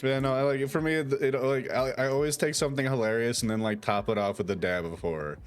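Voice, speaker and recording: A man chatting casually with a streamer, relaxed and swearing freely. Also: mid-range voice, fast talker, faint music behind. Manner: laid-back, laughing, swears freely. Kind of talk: casual chat.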